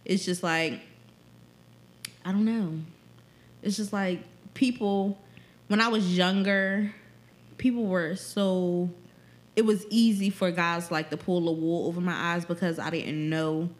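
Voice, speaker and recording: A woman's voice: lowish voice, unhurried, pauses often. A pregnant young woman co-hosting a podcast, telling a story in casual chat, swearing a lot and acting out what people said. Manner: profane, animated storytelling, quotes people often. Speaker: podcast co-host.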